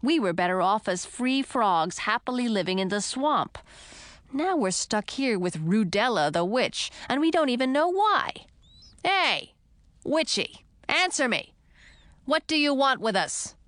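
A woman's voice: on the high side, very animated, normal speed, no room sound. A woman voicing a boastful, whiny male frog prince in an audiobook, with brash, mocking taunts. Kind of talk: audiobook character voice.

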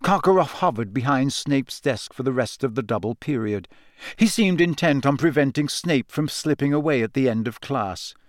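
A man narrating an audiobook in a steady, measured reading voice. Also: mid-range voice, dry recording, clean studio sound. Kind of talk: scripted narration.

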